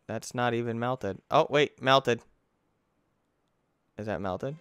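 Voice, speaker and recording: A young man from the United States doing let's play commentary on a close mic. His voice is smooth and resonant, recorded dry with no room sound. He talks to the game as he plays, gets easily frustrated and breaks into yells. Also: mid-range voice, animated, moderate pace, long pauses, no echo. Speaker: gaming YouTuber.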